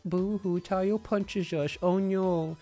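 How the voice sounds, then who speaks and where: A man voicing whimpering crybaby fans who sob high and loud on a binaural microphone. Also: fairly even intonation, slow, soft background music. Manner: high sobbing wails.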